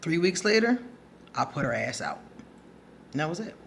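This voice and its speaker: A woman's voice: sits low, sing-song, normal speed, vocal fry, a little hiss or hum. A woman vlogging advice, telling a story in a blunt, profane way and laughing often as she goes. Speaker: advice vlogger answering a subscriber. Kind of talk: casual storytelling monologue.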